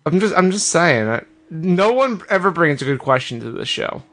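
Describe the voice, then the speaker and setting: A man's voice: fairly high pitch, big pitch swings, moderate pace, a bit bright. A man co-hosting a comedy podcast, trading dry, teasing quips. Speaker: podcast co-host.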